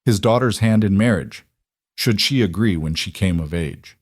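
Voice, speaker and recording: A man voicing a quiet young cowboy stranger who stays calm and measured even when threatening. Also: fairly low pitch, no room sound, studio quality, natural voice.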